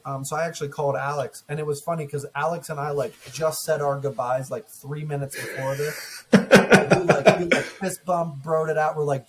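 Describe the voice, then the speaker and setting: A man with a slightly high-pitched voice tells a story on a podcast in casual chat. He acts out both sides of every exchange with plenty of energy. A faint hiss sits under the recording. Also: fairly even intonation, normal speed. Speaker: podcast co-host.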